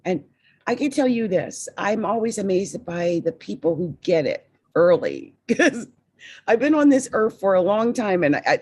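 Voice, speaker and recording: Husky-voiced woman hosting a podcast. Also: lowish voice. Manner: chatty, warm-up fillers and restarts, stumbles over names. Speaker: podcast host. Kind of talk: casual interview chat.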